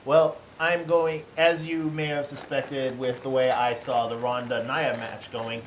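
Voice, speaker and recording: A man's voice: medium pitch, little pitch movement, unhurried. A man co-hosting a casual wrestling podcast, chiming in with dry, teasing asides. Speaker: podcast co-host. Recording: echoey room with faint hum.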